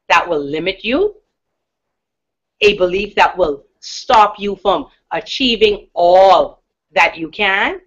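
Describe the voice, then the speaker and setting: Woman, from the Bahamas, deep powerful voice, emphatic encouraging coach, muffled recording. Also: fairly bright tone. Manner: emphatic, encouraging, with slow stressed words. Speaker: mindset coach. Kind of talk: motivational talk. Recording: dull lo-fi recording.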